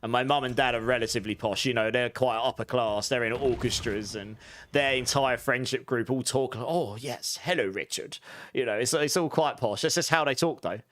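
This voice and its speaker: An English man talks casually on a live game stream. He rambles, reads the chat and answers his viewers as he plays. His voice sits at an ordinary pitch for a man. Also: brisk, a bit bright. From England.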